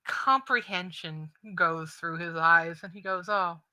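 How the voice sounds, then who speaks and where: A woman narrating a tabletop game as game master, halting, with restarts and sentences that trail off quietly. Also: lowish voice, no echo, rough recording.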